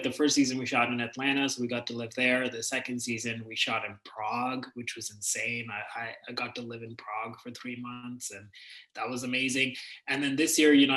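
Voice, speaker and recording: A man from India chats as an interview guest, spinning animated, self-deprecating stories. His voice is bright and forward, and it rings a little in an echoey room. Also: mid-range voice. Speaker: actor guest. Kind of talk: casual interview chat.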